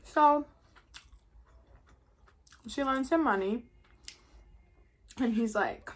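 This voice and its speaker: An eighteen-year-old New York woman vlogs while eating, casually recapping a musical in a chatty, rambling way packed with "like." Her voice is fairly high pitched and unhurried, with frequent pauses.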